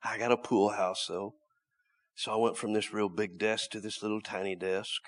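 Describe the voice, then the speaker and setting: A male preacher telling a story in a sermon, dramatic, swinging from loud cries down to hushed whispers. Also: lowish voice, steady tone, moderate pace, vocal fry.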